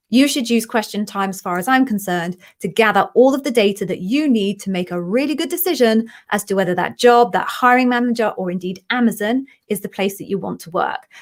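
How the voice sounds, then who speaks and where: Woman doing a live q&a stream, chatty, encouraging, gets emotional, mid pitched voice. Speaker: livestream host, interview coach. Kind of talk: live Q&A answering viewer questions.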